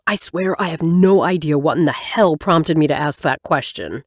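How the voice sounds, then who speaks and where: A woman narrating a romance audiobook in first person, expressive with wry asides. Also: sits low, normal speed, no echo, studio quality.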